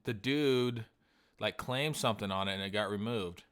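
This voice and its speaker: A man's voice: lowish voice, moderate pace, a bit bright, clean tone. A man co-hosting a podcast, chatting casually, rambling, swearing often and acting out old conversations. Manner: rambling, swears a lot, acts out past conversations. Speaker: podcast co-host. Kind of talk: casual chat.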